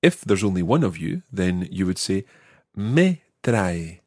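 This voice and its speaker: Patient husky male language teacher. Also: low-pitched, very animated, darkish tone, no echo, studio quality. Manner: patient, explanatory, slows down to model words. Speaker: language teacher, podcast host. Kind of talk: audio language lesson.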